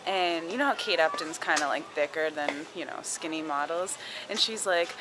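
Chatty young woman vlogging, fairly low voice. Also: normal speed, background noise. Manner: chatty, giggly, lots of filler "like". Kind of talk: casual vlog chat.

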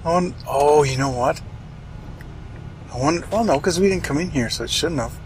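A man's voice: on the high side, moderate pace, darkish tone, slight background noise, low-quality recording. A man casually commenting on his own gameplay, wry and chatty, muttering to himself and swearing now and then. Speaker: let's play host.

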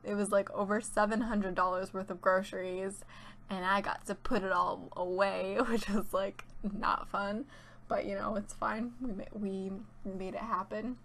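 A woman's voice: medium pitch, level tone, a little slow, fairly bright tone, a little hiss or hum. A young woman chatting casually and rambling about her week, with many fillers and laughs. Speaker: gaming YouTuber. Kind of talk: casual chat while playing.

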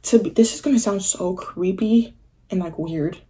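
Young woman, vlogger, chatty storytelling, acts out quotes, mellow voice. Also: mid-range voice, moderate pace. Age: young adult. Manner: animated, filler-heavy, acts out quoted voices. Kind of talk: casual storytelling.

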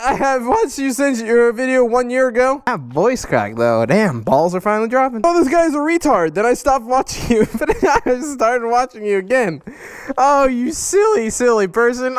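A man in his twenties opening fan mail on his vlog, loud, hyper and goofy, jumping between high yelps and low growls. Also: clear, resonant tone, no echo. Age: 20s. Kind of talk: casual vlog chat.

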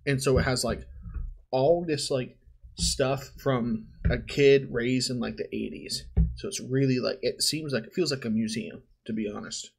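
A man's voice: medium pitch, moderate pace, vocal fry, husky. A male podcast host talking casually, telling rambling stories in slang and laughing often. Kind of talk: casual chat.

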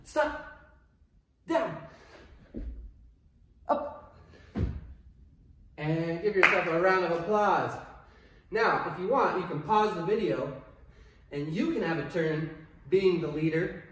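A man coaching young children through movement games, with a high, slow and encouraging voice. He sounds distant from the camera, and a large echoing room rings around every word. A faint hum of room noise sits underneath. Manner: slow, clear and encouraging, with playful exclamations. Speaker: kindergarten PE coach. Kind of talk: online PE lesson for children. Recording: echoey room from far off.

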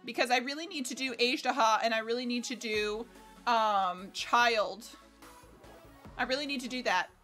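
A young American woman streaming a game in casual chat, excitable, swearing freely and laughing often. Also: a little high, normal speed. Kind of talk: casual livestream gameplay chat. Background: faint game music.

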